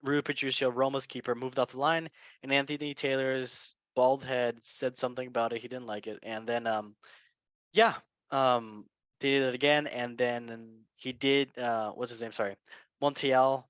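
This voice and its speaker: A man's voice: mid-range voice, steady tone, normal speed, fairly bright tone, clean tone, dry recording. A man hosting a casual football news show, chatty and joking. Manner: joking, chatty, laughs at own lines. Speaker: podcast host.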